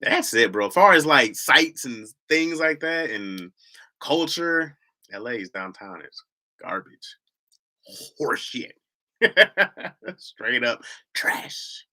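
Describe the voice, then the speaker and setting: A man with a Michigan accent hosts a casual livestream chat, rambling in slang and breaking into laughs. His voice sits at an ordinary pitch but swings widely, with a sharp, forceful brightness. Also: expressive, slow. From Lansing, Michigan, US. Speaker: livestream host.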